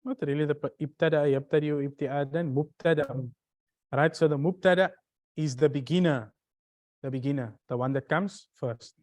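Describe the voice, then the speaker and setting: A teacher giving a classroom lecture on Arabic grammar, who often questions the class, restarts phrases and recites short Arabic verses in quick bursts. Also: medium pitch, darkish tone.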